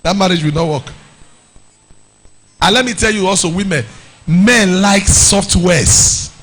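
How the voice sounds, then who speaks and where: A man with a Nigerian accent preaching to a youth meeting, animated, slipping into pidgin and shouting or sing-song lines. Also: high voice, unhurried, slightly rough.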